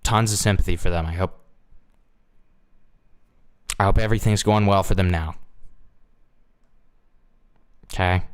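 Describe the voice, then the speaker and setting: Guy with a lowish voice doing reaction commentary, sarcastic, swears a ton, mumbles asides. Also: fairly even intonation, moderate pace, clear, resonant tone. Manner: crude, sarcastic, swears constantly. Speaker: commentary host.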